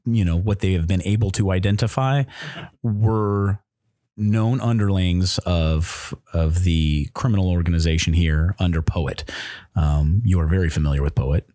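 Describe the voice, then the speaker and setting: Low-voiced man narrating as game master. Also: moderate pace, warm tone, no echo, studio quality. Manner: descriptive, hesitant with many fillers. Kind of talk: narrating a tabletop role-playing game.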